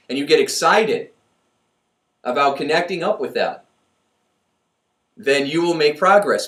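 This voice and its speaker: A man giving a motivational talk in a chatty, animated way, laughing at his own jokes. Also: a little high. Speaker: motivational speaker. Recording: echoey room, voice from far off.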